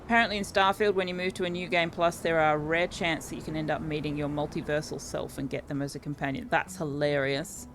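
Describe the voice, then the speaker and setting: A woman's voice: sits low, fairly even intonation, quick pace, few pauses, background noise. An Australian woman streaming a game, chatting casually and correcting herself as she goes. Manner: chatty, self-correcting, amused. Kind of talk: casual gameplay commentary.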